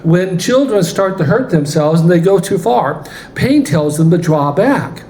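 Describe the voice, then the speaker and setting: A man voicing a patient, wise male guardian angel who explains things gently. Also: high voice, expressive, a little slow, a little hiss or hum. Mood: explaining. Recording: roomy church hall, faint ambience.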